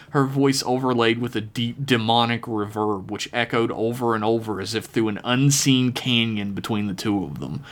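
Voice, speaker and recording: A man reading a dark horror story aloud in a steady, measured narration. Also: mid-range voice. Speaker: podcast storyteller.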